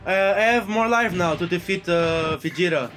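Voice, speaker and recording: A man doing let's play commentary, frustrated and swearing often, with loud outbursts. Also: high voice, moderate pace. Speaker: gaming video creator. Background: game music.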